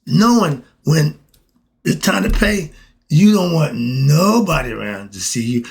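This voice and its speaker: Gravelly preachy man with lively pitch. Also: unhurried. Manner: preachy, rhetorical questions, chuckling asides. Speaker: podcast host. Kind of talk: casual monologue.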